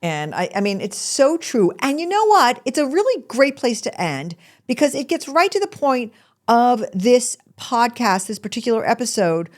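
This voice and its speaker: A middle-aged woman hosting a podcast in casual chat. She talks in an animated, chatty way and often breaks off mid-sentence. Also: mid-range voice. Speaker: podcast host.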